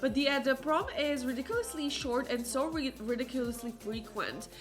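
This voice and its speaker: A young adult woman streaming a life-sim game, chatting in an excitable, rambling way. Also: high-pitched, moderate pace, over music. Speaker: let's play streamer. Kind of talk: gameplay commentary.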